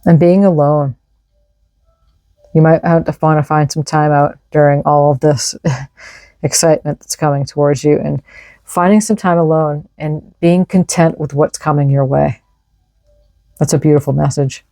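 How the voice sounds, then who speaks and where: A woman's voice: low voice, fairly even intonation, moderate pace, long pauses, warm tone, dry recording. A woman giving an enthusiastic, casual tarot reading, reading out card messages and explaining them. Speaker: tarot reader.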